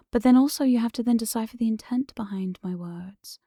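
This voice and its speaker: A woman with a tired voice, talking softly and mostly in a whisper in a whispered role-play, with playful asides. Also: fairly high pitch, moderate pace, husky, no room sound, clean studio sound. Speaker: hypnosis audio creator. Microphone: binaural studio mic.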